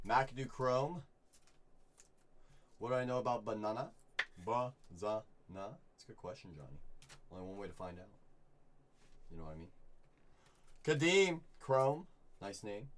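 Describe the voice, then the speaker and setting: Upbeat man calling live card pulls. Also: on the low side. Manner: upbeat, chatty, reads chat and calls out pulls with bursts of excitement. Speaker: card break host. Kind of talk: live-stream card break commentary.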